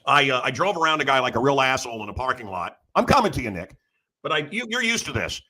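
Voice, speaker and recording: A man's voice: medium pitch, big pitch swings, quick pace, pushed and bright. Rambling brash middle-aged male host. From Chicago area. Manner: rambling storyteller, acts out quoted voices. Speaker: radio host. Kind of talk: casual opinionated monologue.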